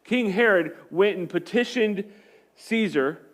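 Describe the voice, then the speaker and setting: A male pastor with a high, animated voice preaches at a measured pace. His style is conversational, and he drives his points home through emphatic repetition.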